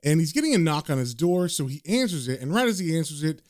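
Guy casually reading thru a comic issue, a bit high voice, super dry sound. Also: sing-song, fast talker, darkish tone, dry recording. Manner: casual, loose filler words. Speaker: comic book reader and recapper.

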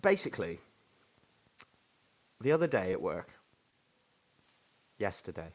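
A man's voice: low-pitched, big pitch swings, slow pace. A man telling a rambling story in casual chat, swearing freely. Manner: rambling, swearing, many fillers and restarts. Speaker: storyteller host.

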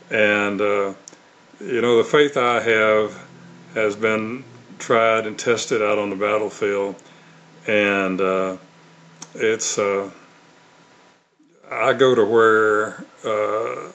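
Telling stories during an interview, this older author and evangelist from Mississippi, USA, speaks earnestly but with frequent fillers and restarts. His lowish voice is a bit bright, and the recording's highs are cut off.

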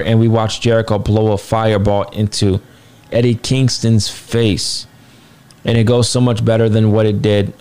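A man's voice: on the low side, darkish tone, smooth. A man casually reviewing a wrestling show, blunt and rambling, swearing now and then, sounding tired. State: tired, yawning.

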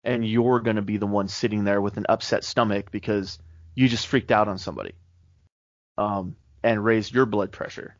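A man with a lowish voice co-hosts a casual faith-based podcast. He tells stories in a laid-back, easygoing way. The recording is dry and dull, with a lo-fi podcast sound. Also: normal speed, no echo. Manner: laid-back, relaxed storytelling. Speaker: podcast co-host.

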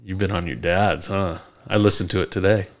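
A man's voice: deep voice, steady tone, brisk. A man hosting a casual podcast, joking and laughing with his guests. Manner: jokey, laughing, sings his own intro. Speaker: podcast host.

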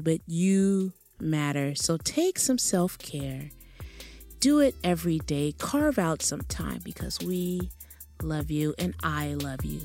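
A woman's voice: lowish voice, a little mellow. A woman hosting a podcast, talking in an encouraging, churchy cadence. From American South. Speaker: podcast host. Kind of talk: casual chat.

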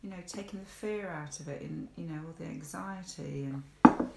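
A woman's voice: low-pitched, normal speed, creaky, background noise. A woman in a recovery group chats hesitantly, with many fillers and restarts. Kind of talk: casual chat. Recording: echoey room.

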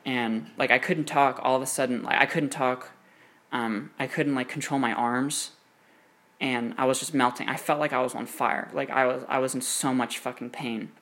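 Young guy rambling thru a story, lots of "like" and cursing, mid-pitched voice. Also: fairly even intonation, normal speed, a bit bright. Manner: casual, filler-heavy, swears often. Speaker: podcast host. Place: room with air conditioning running.

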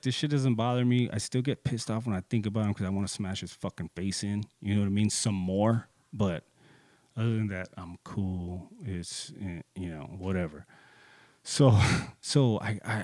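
A man in his thirties telling a personal story in casual, profane speech, getting heated and jumping into higher voices when he quotes people. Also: darkish tone, no room sound.

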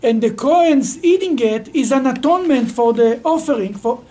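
A man teaching a Torah study class in halting, rising with emphasis as he explains. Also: very high-pitched, lively intonation, dark tone.

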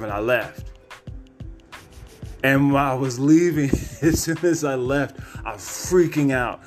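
A man's voice: medium pitch, moderate pace, soft background music. A man hosting a podcast, telling a personal story in a candid, rambling way with plenty of cursing. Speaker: podcast host.

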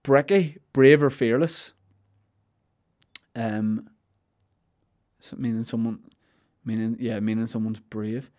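A man's voice: mid-range voice, fairly even intonation, slow, long pauses, a little mellow. A man, a comedian riffing playfully through a podcast monologue with plenty of swearing.

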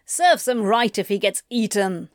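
A woman's voice: medium pitch, animated, measured pace, no room sound, clean studio sound, close to an everyday voice. A woman voicing a grumpy, blunt male demon who drawls coolly and swears. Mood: dry.

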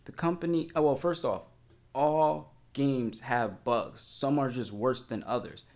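A young man in a casual gaming vlog, rambling and excitable. He leans on slang and repeated fillers and swears offhandedly, with a pitch in the middle of the male range. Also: measured pace.

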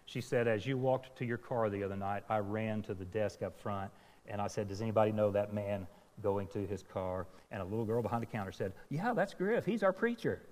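A male preacher tells a personal story, poking fun at himself and acting out each voice in it. His voice sits a bit low, and a long reverb trails every phrase as it fills the sanctuary. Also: level tone, fairly quick, darkish tone. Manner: self-deprecating storyteller, acting out dialogue. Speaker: pastor. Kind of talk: sermon storytelling.

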